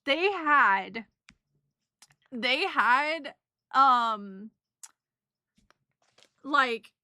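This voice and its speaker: A young woman talks through her trip in a loose, rambling way, full of fillers, giggles and emotion. Her voice sits a little high and sounds bright. She takes her time, and the sound is dry and close. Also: lively intonation, extremely slow, smooth, no echo. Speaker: streamer recapping a trip. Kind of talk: casual chat.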